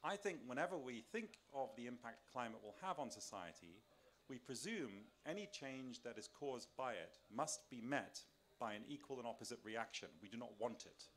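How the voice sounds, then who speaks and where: A man's voice: medium pitch, expressive, moderate pace, fairly bright tone. A man giving a public lecture to an audience in a large tent, talking in a conversational way with restarts and rhetorical questions, and moving around as he speaks. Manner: moves around while speaking. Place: large tent at a summer camp. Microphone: filmed by a camera.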